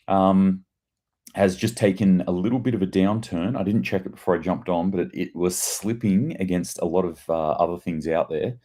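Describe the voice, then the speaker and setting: A man's voice: low voice, moderate pace, warm tone. A man giving casual, profane news commentary on a livestream, breaking into sarcastic rants and reading chat messages. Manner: profane, ranting, sarcastic asides. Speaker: host of a daily news commentary show.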